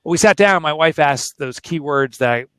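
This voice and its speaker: A man's voice: a little high, lively intonation, moderate pace, fairly bright tone, smooth, no room sound. A man in his forties, an author being interviewed, telling a candid personal story in an earnest, emotional, plain-spoken way. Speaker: author and guest.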